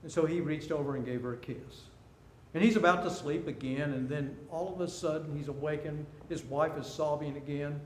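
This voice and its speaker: A man in his sixties gives an animated seminar talk full of stories and jokes. His voice is fairly high with fairly even intonation, and he speaks a little fast. The room is echoey, with faint background noise.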